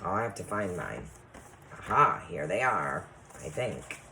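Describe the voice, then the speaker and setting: A woman teacher reading a chapter book aloud to her class and then giving assignments, patient and deliberate, often checking in with the children. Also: rumbling low, big pitch swings, pushed and bright, slight background noise.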